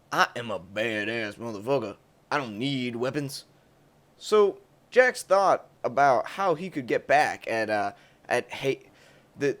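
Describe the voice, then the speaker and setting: A young adult man narrating a crude comic story in a lively, profane, rambling way. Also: mid-range voice.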